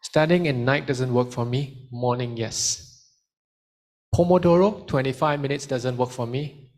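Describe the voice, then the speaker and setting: A man's voice: mid-range voice, moderate pace. A man giving a study skills seminar to students and taking questions, switching into Malay now and then. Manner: lively, mixes in Malay phrases. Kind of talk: seminar talk with Q and A.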